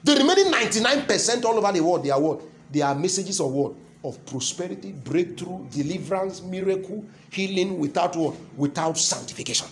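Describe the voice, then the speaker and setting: A man's voice: high voice, animated, fairly quick, few pauses, slight background noise. A man with a Nigerian accent preaching a sermon, calling and responding with his congregation and repeating key phrases for emphasis. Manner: call-and-response, keeps asking the crowd "what?" to complete his lines.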